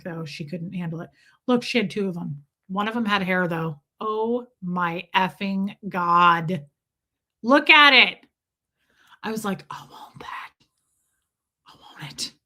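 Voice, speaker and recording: A young woman hosts a casual livestream chat, telling a rambling, jokey story and cursing freely. Her voice is fairly high and sharp in tone.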